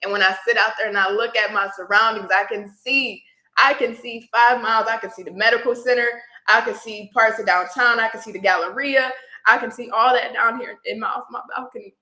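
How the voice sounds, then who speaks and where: A woman's voice: a little high, fairly even intonation, brisk, bright, forceful tone, echoey room, rough recording. A woman tarot reader, a guest in an interview, telling her personal story in a reflective way and becoming teary at times. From Houston area.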